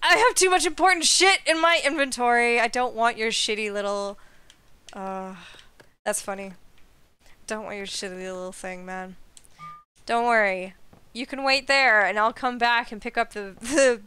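Young woman game streamer: bright crisp tone, slow easygoing delivery, swears freely and laughs a lot. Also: a little high. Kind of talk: live game commentary.

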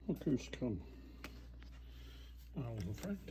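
A man who films wildlife at his home, talking softly and coaxingly to raccoons outdoors. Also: medium pitch, very animated, slow pace, a little hiss or hum. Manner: soft, coaxing baby-talk to wild animals. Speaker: wildlife vlogger feeding raccoons. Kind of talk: casual talk to animals while filming.

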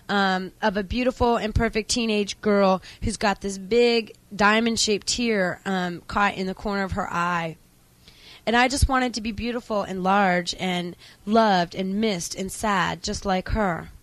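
A woman's voice: medium pitch, normal speed, dry recording, poor audio. A woman performing a spoken word piece in an intense, raw and rhythmic way.

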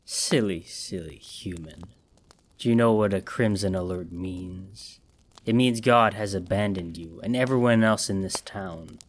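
A creeping, hissing demon wearing human skin drawls its threats slowly and quietly, voiced by a man narrating. The voice sits low and breathy, almost withdrawn from the listener. It savors every word with mocking menace. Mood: taunting. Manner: slow, taunting.

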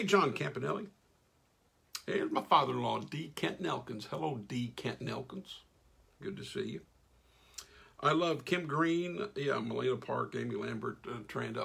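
A man's voice: mid-range voice, gravelly, slightly rough. A middle-aged man, hosting a casual live stream, reading out viewers' names and chatting with folksy enthusiasm as his voice wears thin. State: losing his voice. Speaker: radio host reading live comments.

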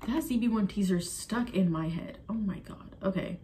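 A young person in their twenties reacting on camera at home, excitable and swearing freely, swinging between low mumbles and loud outbursts. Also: normal speed, hardly any pauses, slight background noise. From Arizona, USA. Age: 20s. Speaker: K-pop reaction YouTuber. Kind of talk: casual reaction vlog. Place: room at home. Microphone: phone camera.

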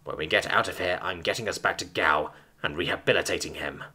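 A man doing a gruff, growling alien man. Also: fairly quick, bright, forceful tone, full character voice. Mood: grim. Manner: low, growling, clipped. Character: gruff male alien captive, grim.

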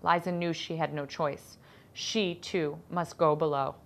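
A woman, the author, reading her children's novel aloud in an expressive storytelling voice. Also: low-pitched, measured pace, vocal fry. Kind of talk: audiobook-style narration of a children's novel.

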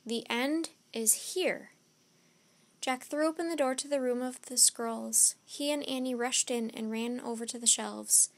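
A woman storyteller reading a children's chapter book aloud, slow, deliberate and expressive. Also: on the high side, slight background noise.

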